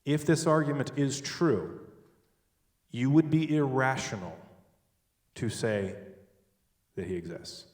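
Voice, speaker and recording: A man giving a sermon-style talk on logic, animated and joking, with sudden loud stresses. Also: mid-range voice, slow, pauses often, recorded from a distance. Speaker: speaker at a church. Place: large church hall. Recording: echoey hall, picked up from afar.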